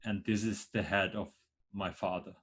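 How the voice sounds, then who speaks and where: A man's voice: low voice, steady tone, normal speed, a bit bright, breathy edge. A man playing a tabletop game, searching for words as he describes his character. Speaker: player. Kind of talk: tabletop role-play.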